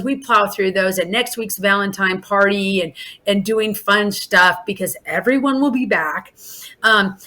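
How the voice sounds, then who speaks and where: Chatty mid-pitched woman in an interview. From Alaska. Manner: warm, chatty, many restarts and fillers. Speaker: in-home daycare provider. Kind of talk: casual podcast interview.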